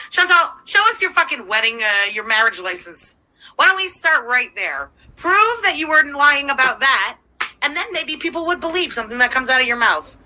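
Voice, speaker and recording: A woman's voice: fairly high pitch, pushed and bright, rough recording. A woman hosting a livestream, giving profane, sarcastic running commentary while thanking viewers. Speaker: livestream host.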